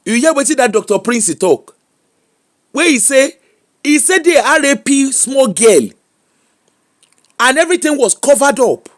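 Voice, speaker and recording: Nigerian male streamer, high-pitched, animated and mocking, ranting monologue. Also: normal speed, long pauses. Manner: animated Pidgin rant, mocking, laughing.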